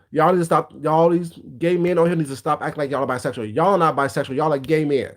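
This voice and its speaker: A man's voice: fairly high pitch, quick pace, few pauses. A man hosting a casual livestream, giving blunt, gossipy commentary and greeting viewers by name. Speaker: livestream host.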